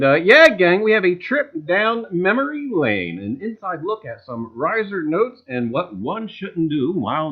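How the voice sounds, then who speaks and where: A man with a New Jersey accent hosting a casual livestream, folksy and full of catchphrases, greeting viewers by name. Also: fairly high pitch. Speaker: livestream host. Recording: dull lo-fi sound.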